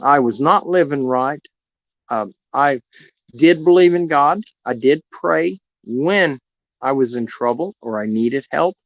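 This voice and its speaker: Here the same kind of earnest, rambling personal story comes from a man who hosts animal rescue live streams. His voice sits at a medium pitch and sounds animated, if a little slow. The audio is dry and dull, typical lo-fi streaming quality.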